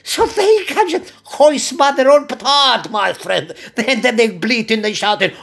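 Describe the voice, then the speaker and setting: Older man from Cyprus, chatty rambling talker who chuckles, husky and lively. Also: very high-pitched, measured pace. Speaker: barber. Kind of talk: casual monologue.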